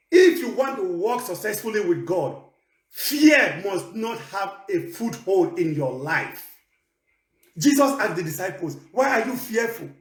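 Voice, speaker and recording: A high-voiced male preacher who swings his pitch widely as he presses each point. He repeats his phrases again and again for stress. The sound carries a roomy echo. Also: sing-song, measured pace. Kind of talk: sermon.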